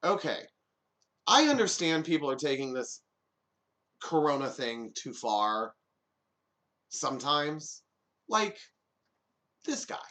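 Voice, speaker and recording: A man's voice: a little high, very animated, slow, pauses often, bright, forceful tone. A man hosting a podcast alone, giving comedic commentary with jokey, sarcastic asides. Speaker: podcast host.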